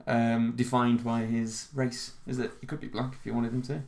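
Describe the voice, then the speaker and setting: A man's voice: medium pitch, little pitch movement, moderate pace, vocal fry, a little mellow. A young man, co-hosting a casual chat show, hungover and rambling with lots of fillers. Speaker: podcast co-host.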